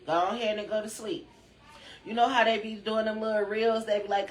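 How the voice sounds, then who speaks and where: A woman's voice: mid-range voice, steady tone, brisk, roomy sound. A woman hosting a rambling spiritual chat, drowsy, chatty and loosely profane, talking from a room at home. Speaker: spiritual channel host.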